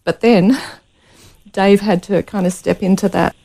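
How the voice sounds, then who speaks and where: A woman's voice: medium pitch, fairly even intonation, a little slow, gravelly, dark tone. Earnest woman sharing a personal story. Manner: earnest, emotional, near tears. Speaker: guest. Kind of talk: personal testimony in a radio interview.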